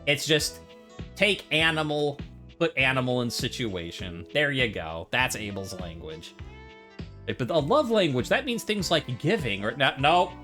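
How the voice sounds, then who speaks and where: A man's voice: medium pitch, very animated, unhurried, pushed and bright. A man doing playful, joking let's-play commentary, bantering with game characters. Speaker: gameplay commentator. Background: faint game music.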